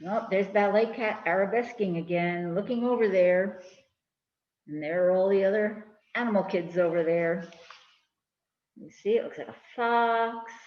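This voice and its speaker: A woman reading a picture book to children at a library storytime, chatting with the kids in animated asides. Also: medium pitch, unhurried, echoey room, highs cut off. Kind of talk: children's read-aloud.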